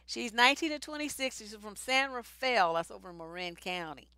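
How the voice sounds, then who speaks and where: A woman's voice: fairly high pitch, lively intonation, brisk, few pauses, sharp tone, clean tone, no room sound, clean studio sound. A woman hosting a live advice stream, answering viewer questions in a blunt, sassy, no-nonsense way with plenty of slang and swearing. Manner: profane, slangy. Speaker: relationship advice host.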